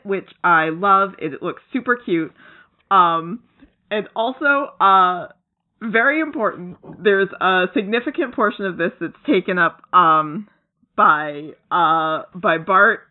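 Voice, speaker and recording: A podcast co-host gushing about a comic in casual chat, rambling with lots of fillers and acting out characters' lines. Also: mid-range voice. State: giddy, laughing through words. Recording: tinny phone-like line.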